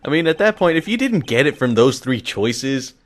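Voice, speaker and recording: A man's voice: medium pitch, sing-song, normal speed. Laughing male let's play commentator. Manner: laughs often, jokey asides. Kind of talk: casual group commentary.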